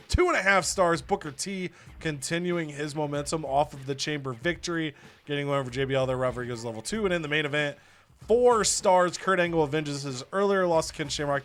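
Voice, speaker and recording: A man hosting casual gaming commentary, excitedly recapping match results with bursts of loud laughter. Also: on the high side. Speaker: host.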